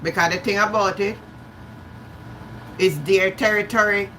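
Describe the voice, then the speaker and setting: A woman's voice: medium pitch, fairly even intonation, a little slow, fairly bright tone, slight background noise, poor audio. A Jamaican woman hosting a live stream, chatting casually, greeting viewers by name and slipping into patois. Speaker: livestream host.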